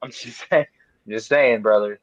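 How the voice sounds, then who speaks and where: Man in his thirties, podcast host, animated rambling rants with profanity. Dry, lo-fi sound. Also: on the low side, moderate pace, dry recording. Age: 30s. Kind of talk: casual chat.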